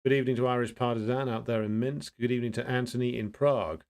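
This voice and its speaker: A man hosting a casual livestream, greeting viewers and answering their comments in a blunt, opinionated way, pausing often to think and restarting his sentences. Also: medium pitch, steady tone, darkish tone. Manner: thinks aloud with frequent pauses and restarts. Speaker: livestream host.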